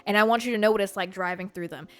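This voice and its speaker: A woman hosting a podcast, telling a story in a blunt, profane, animated way. She grew up in Georgia and talks in a casual monologue. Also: mid-range voice, racing, clear, resonant tone. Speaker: podcast host.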